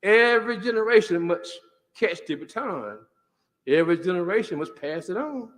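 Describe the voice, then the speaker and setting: A man delivering a measured, preacher-like speech at a commemoration. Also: sits high, expressive, fairly bright tone. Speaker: speaker at a commemoration. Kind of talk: oratorical speech. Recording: echoey church hall.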